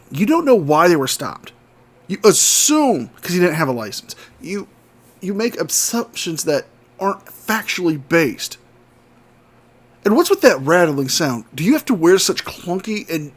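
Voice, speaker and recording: Man, sarcastic commentary host, lively swinging pitch, slightly high voice. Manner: scornful, sarcastic. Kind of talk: mocking video commentary.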